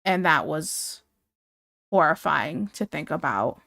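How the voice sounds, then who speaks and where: A woman's voice: low voice, animated, takes it slowly, creaky, pushed and bright, no room sound, clean studio sound. A woman from Ohio streaming while she draws, chatting casually and rambling as she answers her live chat and gets sidetracked.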